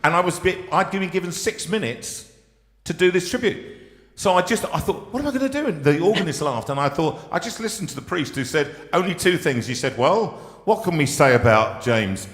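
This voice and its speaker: A man's voice: sits high, animated, a little fast, fairly bright tone. A man hosting a live show, telling funny stories in a chatty, self-mocking way and laughing as he goes. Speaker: host. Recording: echoey room with long reverb.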